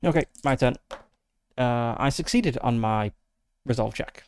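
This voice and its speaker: Gravelly man narrating a solo tabletop game. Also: mid-range voice, unhurried, darkish tone. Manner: methodical, thinks aloud with frequent fillers. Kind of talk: casual narration of dice rolls and rules.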